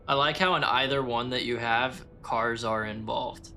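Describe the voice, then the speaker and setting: A man chats with his viewers while he plays, loose, joking and a bit crude. His voice sits at an ordinary pitch but sounds bright and forceful. Soft game music hums underneath. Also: steady tone, normal speed, hardly any pauses. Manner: joking, crude, talks straight to chat. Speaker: streamer. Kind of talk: casual gameplay chat with viewers.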